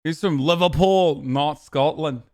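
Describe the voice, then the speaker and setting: Male streamer host, casual reaction talk, fairly high voice, sarcastic and crude. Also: a little slow, darkish tone. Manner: sarcastic, profane, joking.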